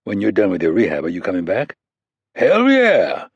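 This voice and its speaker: A man's voice: low-pitched, rapid-fire, creaky, warm tone, breathy edge, no room sound, highs cut off, full character voice. A man voicing a recovering wounded male special-ops soldier who talks in blunt, joking banter. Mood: earnest.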